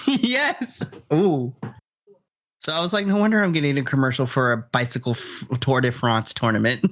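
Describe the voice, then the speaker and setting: A man co-hosting a podcast from home over an internet call. He is sassy and animated, and his pitch sits in the middle range. His chatter is loose and casual. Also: moderate pace. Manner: animated, sassy, laughs often. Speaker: podcast co-host. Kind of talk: casual live-reaction chat.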